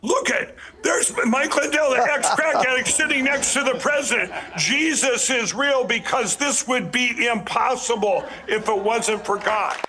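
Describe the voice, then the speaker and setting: Excitable old street buddies, as a man puts them on exclaim in amazement. Their voices jump up high and bright as they marvel aloud, delivered in the middle of a spoken story. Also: measured pace, few pauses, heavily acted, rough recording. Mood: amazed.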